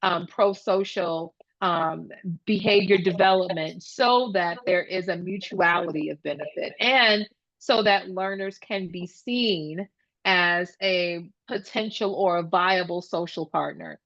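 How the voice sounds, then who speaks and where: A woman's voice: lowish voice, measured pace, gravelly, a bit bright, no room sound, highs cut off. A woman speaking as a guest speaker at a professional talk, explaining ideas and telling stories animatedly, acting out children's voices. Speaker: guest speaker, speech-language pathologist. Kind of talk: conference talk.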